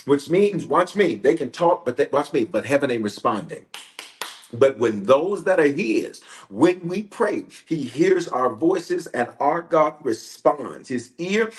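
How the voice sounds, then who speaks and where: A man, a bishop, leading a livestream prayer. He greets viewers in a roll call and repeats phrases for emphasis. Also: mid-range voice.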